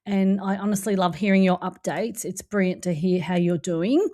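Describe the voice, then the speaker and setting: A woman hosts a podcast with a mellow, warm tone and a mid-range pitch. She is playful and jokey, and encouraging toward her guest. Her delivery stays casual and chatty. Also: moderate pace. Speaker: podcast host.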